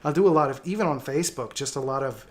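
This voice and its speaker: A man's voice: mid-range voice, quick pace. A man hosting a casual livestream, reading viewer comments and talking reflectively with frequent hesitations and fillers. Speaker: livestream host.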